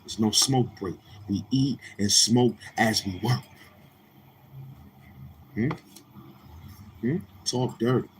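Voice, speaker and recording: Brief: male livestream host, New York accent, lowish voice, blunt, profane, in-your-face. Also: slow pace, pauses often, a little hiss or hum. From Queens, New York. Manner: brash, profane, confrontational. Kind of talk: casual livestream chat with viewers.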